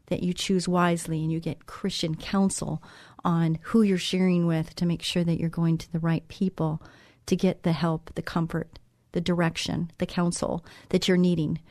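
A woman's voice: on the low side, flat delivery, moderate pace, a little mellow, dry recording, clean studio sound. Encouraging woman hosting a devotional show. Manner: encouraging, conversational, repeats phrases for emphasis. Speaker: host of a Christian talk show. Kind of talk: devotional talk show monologue.

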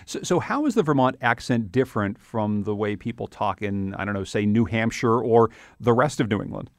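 A man hosting a public radio podcast, reading scripted segments and interviewing a guest in a measured, conversational way. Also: lowish voice, animated, dry recording, clean studio sound.

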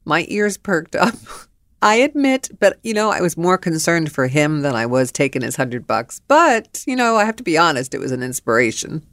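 A middle-aged woman hosting a podcast, telling stories in an animated, blunt way, laughing and swearing. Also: deep voice, moderate pace, no echo. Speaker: podcast host. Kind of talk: storytelling monologue.

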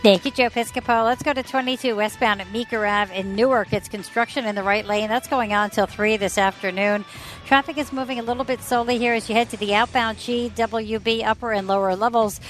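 A woman reading a radio traffic report in a brisk, matter-of-fact way. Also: a little high, fairly even intonation, soft background music, low-quality recording.

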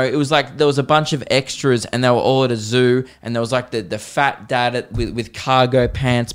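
A young Australian man hosting a comedy podcast, ranting in an animated, exasperated way with plenty of swearing. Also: medium pitch, clear, resonant tone. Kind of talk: solo comedic rant.

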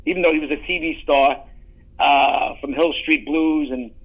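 A middle-aged man with a notably high voice tells long, rambling stories in a relaxed interview. He stumbles over restarts and piles on asides. The sound is dull and muffled, like a lo-fi line. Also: moderate pace. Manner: animated, rambling anecdotes with frequent restarts. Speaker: guest, actor. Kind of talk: casual storytelling interview.

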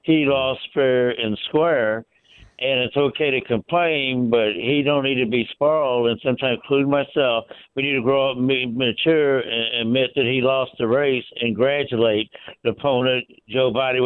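A man calling into a radio show, hurried and earnest, reasoning his point out loud over a phone line. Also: mid-range voice, steady tone, clear, resonant tone, no echo. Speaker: caller. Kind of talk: call-in phone talk.

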